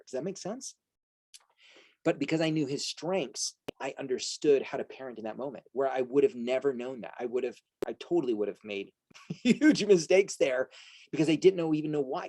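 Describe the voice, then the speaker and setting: A man's voice: mid-range voice, a little mellow, dry recording, poor audio. A middle-aged man giving an earnest motivational talk to an audience as a coach and host, often asking rhetorical questions. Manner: earnest, rhetorical questions, frequent "right?" asides.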